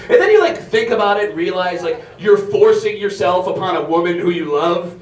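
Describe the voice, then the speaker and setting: A man performing stand-up with a brash, foul-mouthed storytelling manner. His voice sits high for a man. The sound is roomy and a little distant from the mic. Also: lively intonation, fast, a little mellow, a little hiss or hum. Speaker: stand-up comedian. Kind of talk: stand-up comedy set. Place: comedy club stage.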